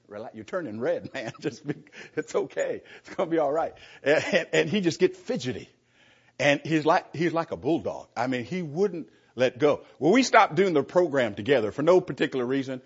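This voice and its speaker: A man's voice: mid-range voice, husky, lo-fi sound. A man preaching informally to a Bible class, sarcastic and chuckling, speaking straight to the people in the room.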